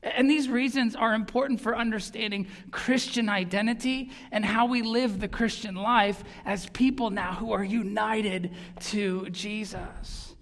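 A pastor preaching a sermon in an earnest, emphatic way, often repeating words for stress. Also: medium pitch. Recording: long reverb of a large hall.

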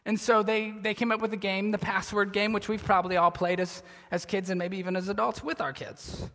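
Bright-voiced preacher man in a hall. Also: fairly quick. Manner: animated storytelling, drops to a low somber tone. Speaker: pastor. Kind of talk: sermon.

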